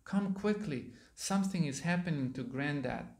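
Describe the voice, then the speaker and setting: A man's voice: on the high side, animated, normal speed, gravelly, darkish tone. A man voicing an urgent teenage girl waking her mother, in an echoey hall.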